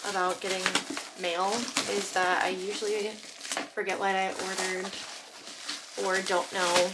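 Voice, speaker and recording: Gushing young woman unboxing gifts. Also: mid-range voice. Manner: gushing, excitable, drops to soft whispers. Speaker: vlogger. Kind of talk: casual unboxing vlog. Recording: noticeable background noise.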